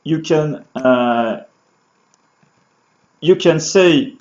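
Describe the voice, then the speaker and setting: A man teaching beginner phrases, halting with many fillers and restarts, in a lo-fi recording. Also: on the high side, darkish tone. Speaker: French teacher. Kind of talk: beginner language lesson. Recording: dull lo-fi sound.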